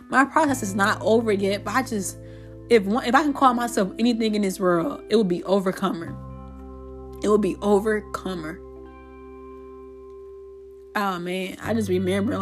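A young woman, tearful, giving a heartfelt personal testimony and then praying aloud, repeating God and Lord again and again. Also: mid-range voice. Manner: heartfelt, repetitive, calls out God and Lord often. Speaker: faith vlogger. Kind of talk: personal testimony and spoken prayer.

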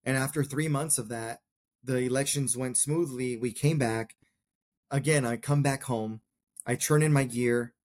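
A man's voice: mid-range voice, a little mellow. A man in his forties, a combat veteran and podcast guest, telling his story in an earnest, reflective way in short plain clauses. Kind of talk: personal storytelling in a conversation.

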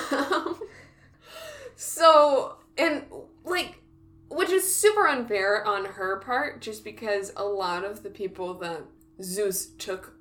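Woman co-host, relaxed slow pace, giggly and rambling. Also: mid-range voice. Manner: chatty, laughs often, restarts sentences. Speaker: podcast co-host. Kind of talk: casual chat.

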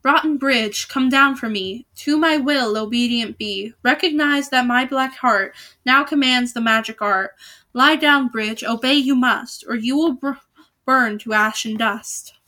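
A woman voicing a menacing villain lord in a storybook read aloud, chanting a spell in slow rhyme. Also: fairly high pitch, bright, forceful tone.

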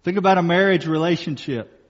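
Man preaching in a reverberant hall. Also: sits high. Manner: emphatic, slows for key phrases, repeats lines for stress. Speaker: pastor. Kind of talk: sermon. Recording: muffled sound with long reverb in a hall.

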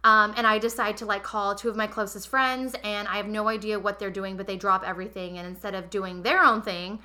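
A young woman hosting a podcast, telling a personal story in an animated, emotional way and speaking straight to her listeners. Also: medium pitch, fairly quick. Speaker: podcast host. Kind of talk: casual confessional storytelling.

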